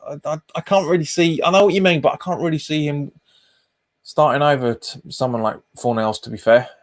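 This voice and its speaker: A man's voice: fairly high pitch, steady tone, a little fast. Chatty man doing live match commentary. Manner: casual, chatty, trails off mid-sentence and repeats himself. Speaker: football watch-along streamer.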